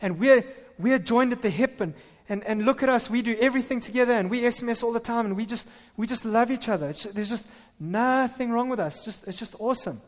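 A man preaching a sermon as pastor, animated and full of stammered restarts. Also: very high-pitched, a little fast, few pauses. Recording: reverberant hall.

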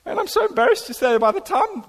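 A man's voice: very high voice, big pitch swings, fast. A middle-aged man preaching a sermon as pastor, his voice swelling on key lines. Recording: long hall reverb.

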